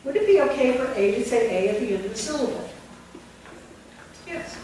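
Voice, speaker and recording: A woman's voice: a little high, animated, brisk, dark tone. A woman leading a teacher training workshop, dictating words and quizzing the room. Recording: very echoey room from far off, with noise.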